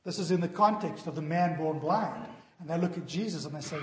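A man's voice: on the high side, brisk, slight background noise. A man preaching a sermon earnestly, his voice sinking solemn on warnings, in a church hall. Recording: echoey hall.

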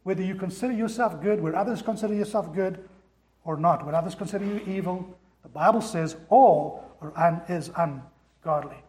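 A man's voice: sits high, moderate pace, a little mellow, reverberant. A man preaching a sermon as pastor, driving points home with rhetorical questions and repetition. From America.

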